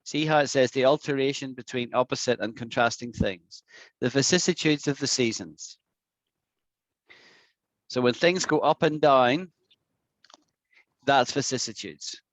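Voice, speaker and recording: A man teaching an online English lesson, patiently repeating words slowly for his students to practice. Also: medium pitch, dry recording. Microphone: video call.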